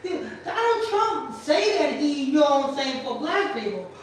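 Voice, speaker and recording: A woman hosting a commentary stream, rambling and repeating herself as she rants loudly and questions a voice assistant. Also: sits high, sing-song, moderate pace. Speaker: channel host. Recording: echoey room, far from mic, faint noise.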